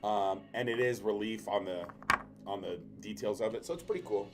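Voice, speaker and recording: A man's voice: fairly low pitch, steady tone, moderate pace, very noisy. A man hosting a casual livestream, talking straight to viewers and keeping the giveaways moving. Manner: upbeat, addresses viewers directly, keeps things moving. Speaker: livestream host running giveaways.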